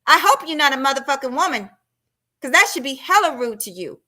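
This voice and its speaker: A woman in unloads a heated rant on her live stream. Her voice is bright and a touch high, and she is blunt and profane. She is confrontational, talking straight at her audience. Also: expressive, fairly quick.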